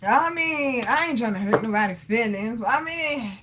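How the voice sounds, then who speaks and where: A woman in her thirties hosts a live stream and talks straight to her chat. Her voice is high and bright, and her pitch swoops all over as she talks. She is loud and animated, laughs often and swears freely. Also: moderate pace, slight background noise. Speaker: livestream host reading chat. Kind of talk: casual chat.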